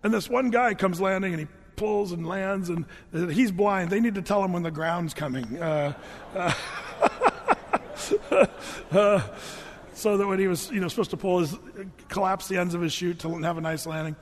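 A middle-aged man with a notably high voice tells an audience a funny story from his past, rambling loosely and backing up to restart and correct his sentences. He speaks at a normal speed in a large hall, where his voice trails off in a long reverb over slight background noise.

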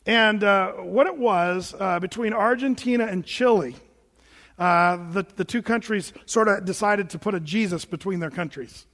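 A high-voiced male pastor preaches a sermon in a casual, conversational way, often restarting his phrases. His voice rings through a large church sanctuary with a long reverb. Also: normal speed, fairly bright tone.

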